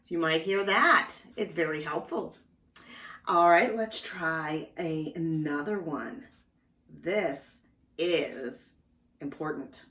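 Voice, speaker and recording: A woman giving a slow, gentle lesson to young children as a librarian, talking straight to them. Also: deep voice, distant mic. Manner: slow, gentle, speaking directly to small children. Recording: echoey room, voice a bit off-mic. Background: clock ticking.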